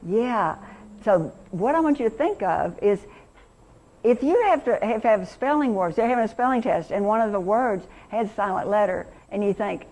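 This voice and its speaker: A woman's voice: mid-range voice, expressive, normal speed, warm tone. A middle-aged woman teacher leading an interactive workshop lesson, enthusiastic and quizzing her audience.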